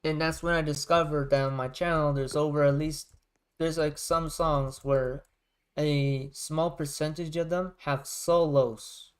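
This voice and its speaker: A man's voice: a little high, steady tone, unhurried, smooth. A man, a music creator, chatting casually on a livestream, rambling and circling back to rephrase his points.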